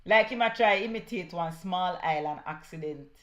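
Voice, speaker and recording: A woman's voice: fairly low pitch, normal speed. A woman with a Jamaican accent giving heated political commentary, scornful and mixing patois with English.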